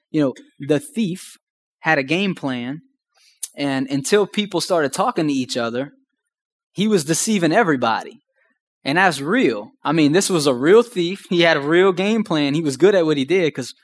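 A man tells a story from the pulpit in loose, lively speech full of slang. His voice sits a little on the higher side. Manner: casual, animated storytelling with slang. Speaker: preacher. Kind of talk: storytelling sermon.

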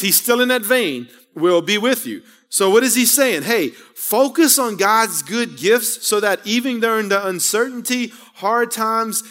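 A man in his thirties preaches in a chatty, rambling way, tossing out asides and questions to the room. His voice sits a bit high for a man. A long church reverb trails every phrase. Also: fairly bright tone. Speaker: pastor. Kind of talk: sermon. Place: church sanctuary.

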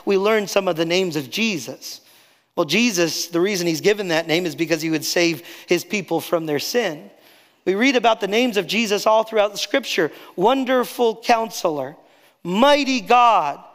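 A male pastor preaching a sermon, rising on key phrases and dropping soft and slow to drive points home. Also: sits high, in a large hall.

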